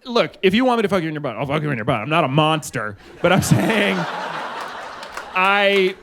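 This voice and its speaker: A man in his forties works through a live stand-up set with a noticeably high voice. He rambles in loose, chatty runs and jumps into shrill, exaggerated quoted lines. He speaks into a handheld mic on stage. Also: sing-song, a little fast, background noise. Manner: loose, rambling delivery with sudden high-pitched acted quotes. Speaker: stand-up comedian. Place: stage at a live comedy show.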